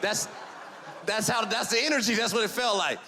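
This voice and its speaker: A male stand-up comedian telling a story on stage, stammering and repeating himself, shouting his punchlines. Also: sits high, moderate pace, a little hiss or hum. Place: comedy club stage with live audience.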